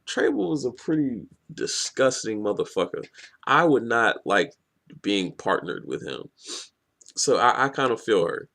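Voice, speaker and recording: A man giving a casual, profane, animated manga review. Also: medium pitch, unhurried, creaky.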